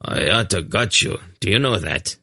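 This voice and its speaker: A man doing a grumbling rough trader. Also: deep voice, lively intonation, normal speed, sharp tone, dry recording, clean studio sound, heavily acted. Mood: indignant. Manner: grumbling, indignant.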